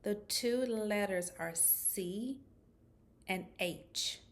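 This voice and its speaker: Slow, carefully articulating woman speech therapist. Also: mid-range voice. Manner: slow, clear over-articulated modeling of sounds. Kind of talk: children's speech lesson.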